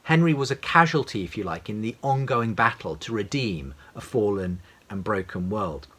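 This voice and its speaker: Earnest, husky-voiced man. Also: lowish voice, animated, moderate pace, fairly bright tone. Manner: earnest, reflective, with occasional fillers. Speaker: podcast host and radio presenter. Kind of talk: prepared talk on faith.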